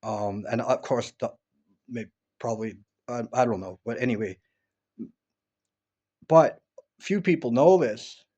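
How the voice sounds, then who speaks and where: Lo-fi sound carries this upstate New York vlogger's mid-range, darkish voice as he talks a little slowly, pausing often. At home indoors, he wanders through his memories in a casual monologue riddled with restarts and fillers.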